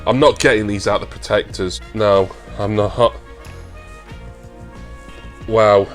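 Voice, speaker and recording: Chatty British man, low register, warm collector-vlog unboxing patter that tips into excited gushing; faint music underneath. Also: slow pace. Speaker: toy collector vlogger.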